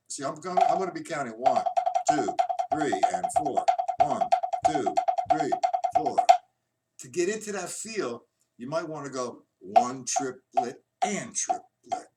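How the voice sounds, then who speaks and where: A drum teacher counts triplets and accents aloud in an easygoing, chatty way. He speaks slowly, his voice set back from the mic. Loud drumming plays behind him. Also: on the high side. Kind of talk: live-streamed drum lesson. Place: drum room at a kit. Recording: far from the mic, loud music and drums behind.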